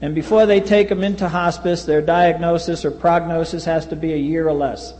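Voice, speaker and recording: A man's voice: a little high, fairly even intonation, normal speed, darkish tone. A man, telling a blunt, wry personal story at a recovery meeting. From US East Coast. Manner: wry, blunt, acts out quoted voices. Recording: reverberant hall.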